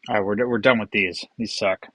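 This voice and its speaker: A man's voice: on the low side, steady tone, fairly quick, fairly bright tone, husky, no room sound, poor audio. A young man hosting a casual whiskey tasting, rambling and joking with profane asides. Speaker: whiskey vlogger.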